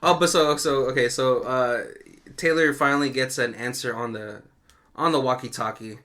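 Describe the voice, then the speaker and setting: A man co-hosting a podcast, casually recapping a movie plot with animated storytelling and frequent laughs. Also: medium pitch, moderate pace. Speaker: podcast co-host. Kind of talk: casual movie commentary chat.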